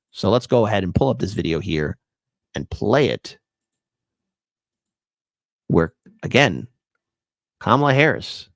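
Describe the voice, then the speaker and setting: Man, commentary host, sarcastic, combative, lively pitch, dry close mic. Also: brisk, no echo. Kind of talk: opinionated commentary.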